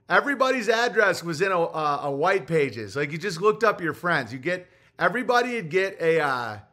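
A man's voice: high voice, bright, forceful tone. A man hosting a livestream, talking in a rambling, provocative and profane way. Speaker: comedian and show host. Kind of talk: casual livestream monologue.

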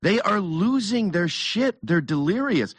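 A man's voice: high voice, very animated, a little slow, husky, dry recording. A man hosting a casual chat, talking bluntly and emphatically, often with mockery.

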